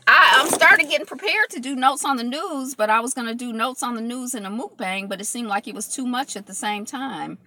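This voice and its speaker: During a casual mukbang live chat captured on a phone camera, a woman eats and rambles to her audience, using lots of fillers and reacting to comments in real time. Her fairly high voice moves a little fast with hardly any pauses, over some background noise.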